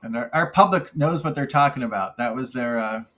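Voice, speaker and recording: A man hosting a caption contest panel, talking casually and haltingly, with many fillers as he reads entries aloud. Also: medium pitch, fairly bright tone. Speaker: contest host.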